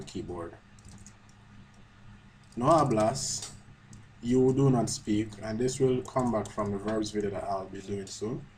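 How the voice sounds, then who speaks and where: A man's voice: mid-range voice, darkish tone, a little hiss or hum, poor audio. A man giving a screen-recorded language lesson in a chatty way, correcting himself as he types. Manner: chatty, self-correcting, talks while typing. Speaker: language teacher. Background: faint keyboard typing.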